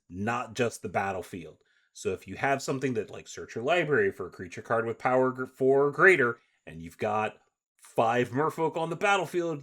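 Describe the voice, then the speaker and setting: Mid-pitched guy on a podcast, reads out card text, lots of uhs, laid back. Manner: chatty, hesitant fillers, reads card text aloud. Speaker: podcast co-host. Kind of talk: casual rules discussion.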